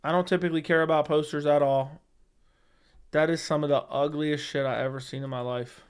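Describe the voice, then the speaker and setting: A man's voice: on the high side, steady tone, fairly quick, clear, resonant tone. A man hosting a casual livestream, reading viewer comments and answering bluntly, often swearing and repeating himself. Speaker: MMA livestream host. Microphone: studio dynamic microphone.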